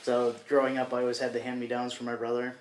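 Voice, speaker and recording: A man with a mid-range voice talks haltingly, stopping and restarting as he recounts his past. The room around him is echoey. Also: mid-range voice, monotone, slight background noise. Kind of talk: casual podcast chat.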